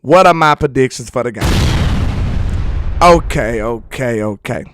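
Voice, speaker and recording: A man's voice: mid-range voice, expressive, a little slow, noisy background. A young man hosting a casual football livestream, talking loosely to his chat and laughing often. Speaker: sports channel host.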